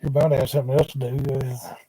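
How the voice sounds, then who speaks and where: A man's voice: mid-range voice, flat delivery, fast, mellow, breathy edge, no room sound. A man, rambling casually on a livestream from his couch at home, talking into a laptop microphone in a drawling, wandering way with muttered asides.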